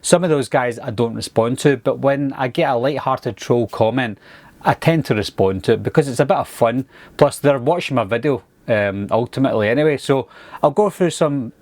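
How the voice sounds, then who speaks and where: Scottish guy chatting to camera, laid back, mid pitch, dry close mic. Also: moderate pace, dry recording. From Scotland. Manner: relaxed, chatty, easygoing. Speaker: YouTube movie reviewer. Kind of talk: casual monologue to camera.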